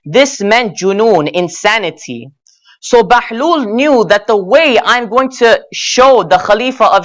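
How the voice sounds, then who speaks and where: A man giving a religious lecture at an Islamic center, telling stories earnestly and slowing down to stretch key words, rising in pitch and force when he argues his point. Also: fairly bright tone. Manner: rises in pitch and intensity when arguing; addresses audience as brothers and sisters.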